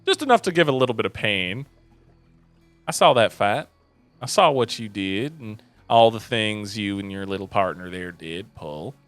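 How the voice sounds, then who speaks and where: Man playing a tender older mother, soft, firm, expressive pitch. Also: normal speed, dry recording, faint music behind. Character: gentle but firm older mother brushing hair.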